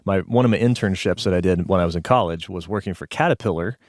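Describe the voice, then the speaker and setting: A man's voice: sits low, quick pace, a little mellow, dry recording, clean studio sound. A man from Texas in his thirties, co-hosting a podcast in a rambling, self-correcting casual chat. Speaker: podcast co-host.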